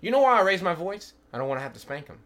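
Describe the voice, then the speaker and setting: Emphatic high-voiced male Bible teacher. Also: big pitch swings, very fast, a bit bright. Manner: emphatic, repeatedly calls for attention, asks the listeners questions. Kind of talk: animated Bible teaching in group chat.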